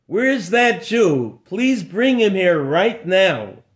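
A haughty lord snaps out his orders in a raised, sharp tone, as a male storyteller puts him on. His words lurch up and down in pitch, and he is slow and heavy with scorn. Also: huge pitch swings, full character voice. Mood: demanding. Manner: commanding, scornful. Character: pompous lord of the castle, angry man.

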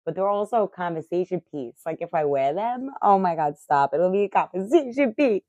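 Middle-aged woman, low mellow voice, excitable cursing chatter, dry dull lo-fi sound. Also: fairly quick, dry recording. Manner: excitable, profane, rambling. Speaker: vlogger. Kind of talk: casual chat.

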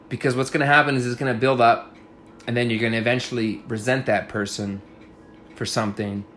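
A man's voice: on the low side, a little hiss or hum. A man hosting a casual podcast, giving blunt, profane relationship advice in a frank, chatty way. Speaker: podcast host. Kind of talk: casual chat.

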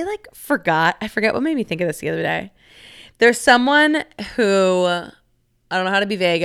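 A young woman chats on her own podcast in a loose, filler-heavy way, swearing freely and giggling through her stories. Her voice is bright and smooth, with a clean, clear tone. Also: on the low side. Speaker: podcast host. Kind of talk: casual solo podcast chat.

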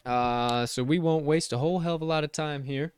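A man's voice: on the high side, brisk, smooth, no echo. A man co-hosting a sports betting podcast, reading his picks in a laid-back, folksy way. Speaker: co-host of a football betting podcast. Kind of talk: casual sports podcast chat.

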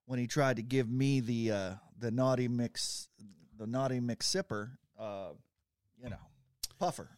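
A man's voice: medium pitch, measured pace, a little mellow, smooth, dry recording, clean studio sound. A middle-aged man co-hosting a podcast in casual banter, playful and rambling as he tells stories. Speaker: podcast co-host.

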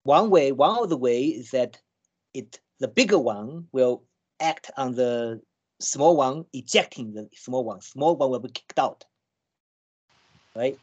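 Halting man explaining with many restarts. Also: mid-range voice, animated, a little mellow, slightly rough, dull audio. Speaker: scientist guest. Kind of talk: conversational explanation.

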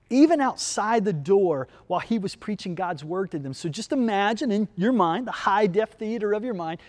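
A man's voice: sits high, a little mellow, in a large hall. A man preaching as pastor in an online church service, telling a story and speaking directly to his viewers.

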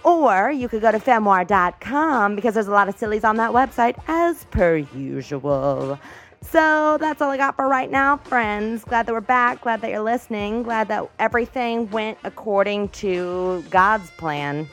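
Young woman, podcast host, rambling bubbly delivery, lively swooping pitch, faint music bed. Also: measured pace. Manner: rambling, bubbly, self-mocking. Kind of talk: comedy podcast monologue and sketch.

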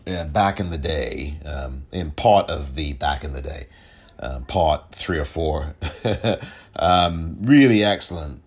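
Deep-voiced man rambling through a podcast. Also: husky. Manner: rambling, chuckling, self-correcting. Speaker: podcast host. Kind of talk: casual solo commentary.

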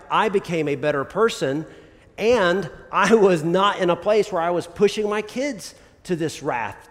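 A man preaching a casual, conversational sermon as a pastor, often checking in with his listeners with "right?" and "okay?". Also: sits high. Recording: long reverb of a large hall.

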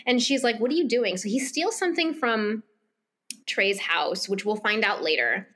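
A woman's voice: mid-range voice, expressive, moderate pace, pushed and bright. A woman co-hosting a podcast, recapping a romance novel scene by scene in casual chat, quoting the characters' lines and laughing often. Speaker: podcast co-host. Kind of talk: casual book-club chat.

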